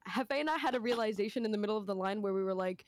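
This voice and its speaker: A young woman guest in a casual podcast chat, animated and slangy, often laughing. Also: medium pitch, very fast, no echo.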